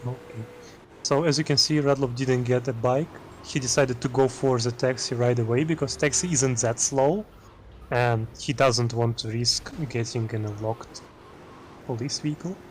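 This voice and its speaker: A man's voice: medium pitch, steady tone, moderate pace, a little hiss or hum. A man with a German accent giving casual, chatty commentary on a video game race, explaining strategy with self-deprecating jokes. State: tired.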